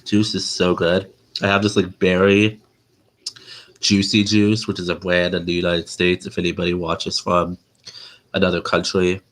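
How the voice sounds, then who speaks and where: A man's voice: sits low, completely flat delivery, moderate pace, fairly bright tone. A man hosting a casual livestream, talking with a nasal sound in a loose, chatty way full of fillers and restarts. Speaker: livestream host. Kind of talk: casual rambling livestream talk.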